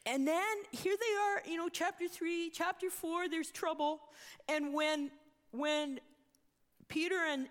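A woman preaching a sermon, telling the story with animation and acting out the quoted voices. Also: sits high. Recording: long reverb of a hall.

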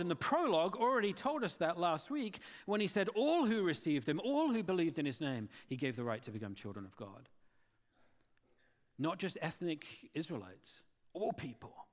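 A man's voice: sits high, fairly bright tone, in a large hall. A man preaching a sermon, earnest and full of rhetorical questions to his listeners. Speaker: pastor.

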